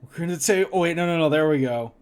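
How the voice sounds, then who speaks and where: A man streaming casually, laughing often and reacting to things with loud mock horror and swearing. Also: fairly high pitch, fast. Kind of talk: casual livestream chat.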